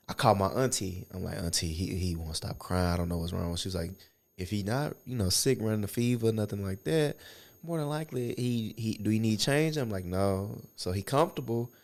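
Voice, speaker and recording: Gravelly deep-voiced man telling stories. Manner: animated, profane storytelling with acted quotes. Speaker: podcast co-host. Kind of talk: casual chat, storytelling.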